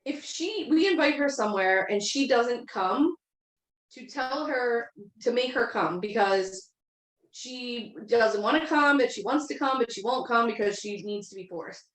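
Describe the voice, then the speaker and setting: A woman's voice: a little high, lively intonation, unhurried, a bit bright, echoey room, low-quality recording. A woman co-hosting a podcast, telling stories in casual chat, laughing often and swearing freely. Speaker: podcast co-host.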